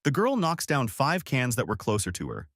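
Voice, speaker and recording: A man narrating a comic story recap in a steady, scripted present-tense summary. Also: medium pitch, normal speed, no echo, studio quality.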